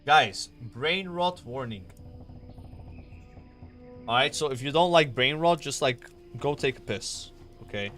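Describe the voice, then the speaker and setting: A man's voice: medium pitch, lively intonation, a little slow, long pauses, a bit bright, faint music behind. A young man chatting casually on a stream, rambling, swearing and filling with "like" and "you know.".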